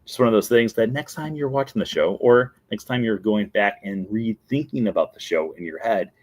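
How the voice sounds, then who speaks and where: A man's voice: fairly low pitch, moderate pace. A man hosting a daily show, talking casually and enthusiastically as he walks through scenes and quotes the characters' lines. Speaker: show host. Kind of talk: casual solo talk.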